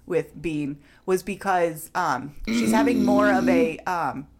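A woman's voice: fairly low pitch, takes it slowly. Anxious, laughing young woman chatting. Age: young adult. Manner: laughs often, anxious, rambling storytelling. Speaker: podcast co-host. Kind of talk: casual chat.

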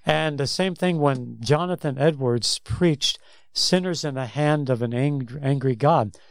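A man co-hosting a Christian talk show tells stories during a casual faith discussion, rambling, restarting, and repeating words. His mid-range voice is gravelly and a little slow, recorded in clean studio sound with no echo.

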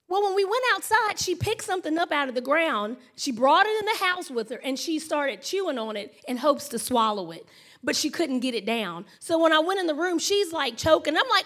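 A woman's voice: high voice, a little fast. A woman, preaching a sermon in a chatty storytelling way and talking to the congregation as y'all and honey. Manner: chatty, animated storytelling with laughs and acted-out noises. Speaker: pastor.

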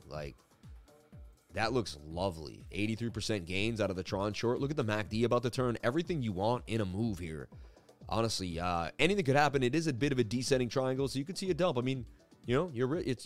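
Quick-talking guy rambling through a story then charts, lots of "like", soft music under it. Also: mid-range voice. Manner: animated, rambling, frequent "like" fillers. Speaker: crypto market analysis host. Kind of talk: casual storytelling and chart commentary.

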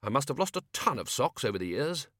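Ridcully, a booming bossy old wizard, read by a man. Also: very animated, fast, fairly bright tone, no room sound, clean studio sound. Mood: blustering. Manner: bellowing, overbearing. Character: blustering bossy male wizard head.

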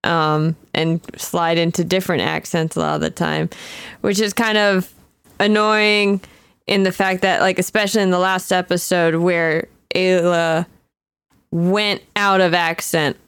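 Playful young woman, smooth dry voice. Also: fairly low pitch, little pitch movement, fairly bright tone, no room sound. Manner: chatty, playful, quick to joke. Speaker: podcast co-host and player. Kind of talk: casual chat.

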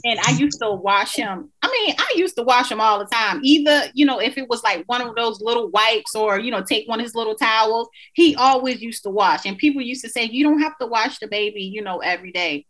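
A woman's voice: on the high side, expressive, a little fast, hardly any pauses, a bit bright, rough recording. A woman in her thirties hosting a podcast, telling stories and laughing in casual chat. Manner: chatty, laughing, playful storytelling. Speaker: podcast host.

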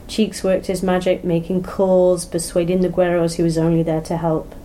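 A woman narrating a crime story in an even, measured storytelling manner. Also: fairly low pitch, slight background noise, poor audio. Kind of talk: audiobook narration.

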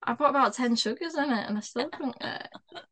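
A young British woman with a fairly high voice co-hosts a casual podcast. She is giggly and animated, breaks into laughter often, and swears without a second thought. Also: a little fast. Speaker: podcast co-host. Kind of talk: casual chat.

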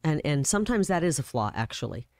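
Brisk, emphatic middle-aged woman. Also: low voice, sing-song, no echo, studio quality. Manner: brisk and emphatic, laughs easily. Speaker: political candidate. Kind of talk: casual interview chat.

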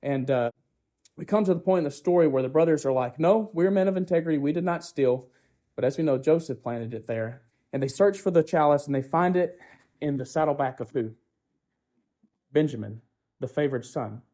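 A man's voice: mid-range voice, moderate pace, warm tone. A man preaching a sermon who keeps asking the congregation rhetorical questions, often tagging "right?", and builds his points through repetition.

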